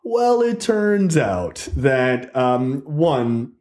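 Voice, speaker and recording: A man's voice: mid-range voice, very slow. A man hosting a podcast, telling a story in casual chat. He swears a lot, says "like" often, and keeps checking in with "right?". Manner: animated, profane storytelling with frequent "like" and "right?". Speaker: podcast host. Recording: roomy echo.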